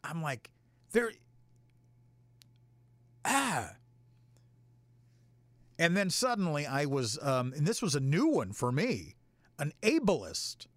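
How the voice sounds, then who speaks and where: A man spins a rambling, foul-mouthed story in a casual host's chat, his slightly high voice swinging widely in pitch. The sound is dry and close, with no room echo. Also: unhurried. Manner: profane, rambling, animated.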